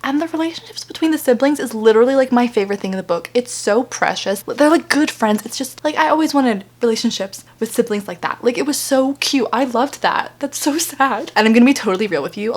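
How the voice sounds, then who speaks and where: A woman's voice: fairly high pitch, expressive, fairly quick. A woman of twenty-two chatting casually at home on her couch, reading out book reviews with lots of "like". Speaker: book vlogger.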